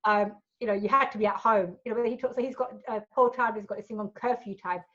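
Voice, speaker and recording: Her voice is mid-range and quick. A woman in her forties from a Gujarati family, she appears as a guest in an informal interview, recounting stories bluntly and animatedly while acting out what others said, all captured in dull lo-fi sound.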